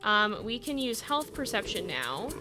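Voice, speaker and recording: A woman's voice: mid-range voice, sing-song, unhurried. A woman streaming a game live, chatting with her viewers and urging her animals along, often breaking into giggles. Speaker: gaming streamer. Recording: game music under the voice. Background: background game music.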